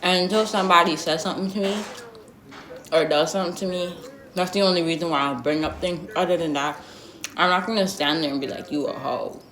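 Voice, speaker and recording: A young woman with a somewhat low voice spills gossip in a storytime vlog. She is blunt, sassy and full of slang and side remarks. The audio has a roomy echo. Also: fairly even intonation, brisk, fairly bright tone. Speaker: vlogger.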